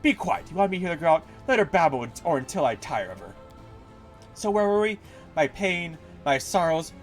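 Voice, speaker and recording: A man's voice: on the high side, very animated, a little fast, soft background music, voice pushed up. A man reading a haughty, mocking female demon goddess aloud from a game. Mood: scornful. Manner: imperious and mocking.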